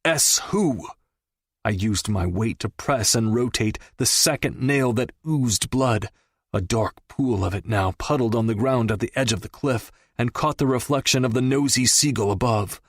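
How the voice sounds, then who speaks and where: A man narrating a first-person crime story in a measured, dramatic storytelling manner. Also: medium pitch, no echo, studio quality. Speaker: audiobook narrator.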